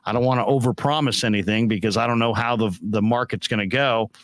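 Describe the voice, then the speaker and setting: Guy hosting a post-game show, loud and emphatic, riffing on chat comments, dry close mic. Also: fast talker, dry recording. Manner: animated and blunt, with emphatic pitch jumps. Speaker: sports talk show host.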